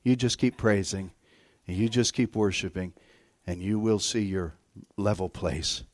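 A middle-aged man preaching a sermon as a guest preacher, telling stories and swinging between hushed and loud, excited delivery. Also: on the low side, a little slow, dry recording, studio quality.

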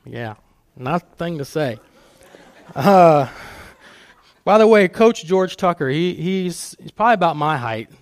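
A man's voice: on the high side, lively intonation, unhurried, pauses often, no room sound. A middle-aged man speaking as a guest speaker at church, telling personal stories with frequent restarts. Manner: personal storytelling with many restarts. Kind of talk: church talk on fatherhood.

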